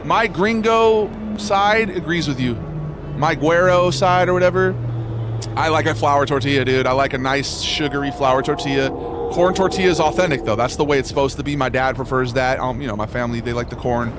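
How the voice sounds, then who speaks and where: A man's voice: mid-range voice, fairly quick, heavy background noise. A young man live streaming and chatting casually with his viewers, laid-back and slangy, calling everyone bro. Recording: music playing loudly underneath. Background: game music playing under the voice.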